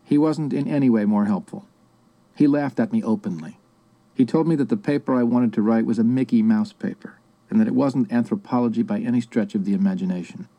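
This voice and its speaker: A man giving a measured, reflective first-person audiobook narration. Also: mid-range voice, dark tone.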